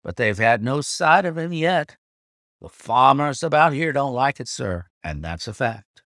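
A man's voice: medium pitch, expressive, measured pace, fairly bright tone, dry recording, studio quality, pitched above the performer's own voice. A man voicing a hard-faced, gnarled little coachman who speaks bluntly and earnestly. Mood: grave warning.

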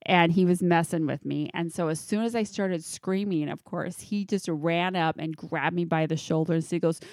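A woman's voice: lowish voice, steady tone, normal speed, darkish tone, no echo, studio quality. A middle-aged woman chatting casually, telling a story with lots of swearing and acted-out voices. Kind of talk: casual chat.

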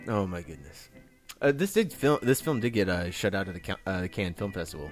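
A man, co-hosting a casual film podcast, excitable and quick to swear. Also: low-pitched, soft background music. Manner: excitable, swears freely, calls people dude. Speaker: podcast co-host.

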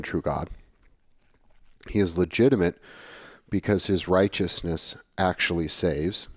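A man's voice: low voice, dry recording, clean studio sound. A man lecturing on theology to his students in a conversational, emphatic way, often repeating phrases. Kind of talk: recorded classroom lecture.

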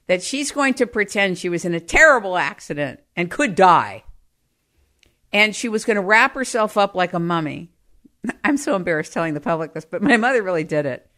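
A woman telling comic family stories in an animated, exaggerated way, often breaking into laughter. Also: medium pitch. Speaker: storyteller. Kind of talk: comic personal storytelling.

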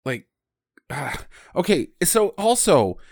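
Man with a lively, animated voice. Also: on the high side, takes it slowly, no echo, studio quality. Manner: animated, slips into character voices. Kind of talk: casual chat recapping a movie.

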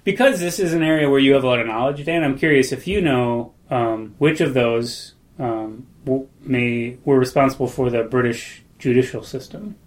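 Dude hosting a comedy podcast, deadpan and halting, mid-pitch voice. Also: male voice. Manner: deadpan, hesitant, mock-earnest. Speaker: podcast co-host.

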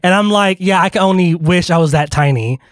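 A man's voice: sits high, brisk, dry recording, clean studio sound. A man co-hosting a radio show, telling a rambling story in casual chat, full of fillers and restarts, with a slight lisp from retainers.

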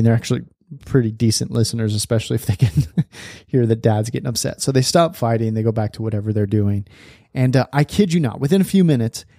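A chatty podcast host in his thirties talks casually and laughs often, his mellow, warm voice sitting in the mid-range. The recording is dry and close, with no echo.

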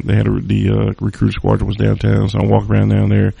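A man's voice: fairly low pitch, completely flat delivery, fairly quick, vocal fry, dark tone, dry recording. A man hosting a podcast, telling a personal story casually with loose, profane talk and lots of fillers. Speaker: podcast host. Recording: dry close studio sound.

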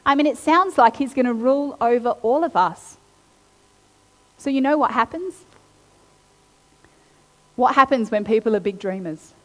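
A woman preaching a sermon, reading scripture aloud and then retelling it with animated, acted-out quotes. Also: a little high, moderate pace, long pauses. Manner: animated storytelling, acting out quotes. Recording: long hall reverb.

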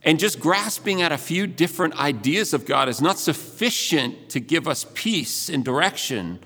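A man's voice: a little high, expressive, normal speed, sharp tone, husky. A man preaching a sermon as pastor, earnest and conversational with frequent restarts. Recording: long hall reverb.

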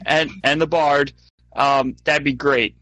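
A man's voice: fairly high pitch, steady tone, slow, bright, forceful tone, no room sound. A man playing a tabletop game in character, hesitant and stammering in a sheepish way. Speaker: player.

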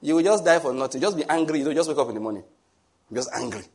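This middle-aged preacher speaks very fast in a slightly high voice with a breathy edge. His sermon stories come with jovial teasing, animated asides, and plenty of chuckling.

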